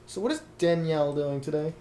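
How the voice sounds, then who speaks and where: Teen guy talking fast n blunt on a podcast, bit higher voice, faint noise behind. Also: animated, dark tone. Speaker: podcast co-host. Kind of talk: casual chat.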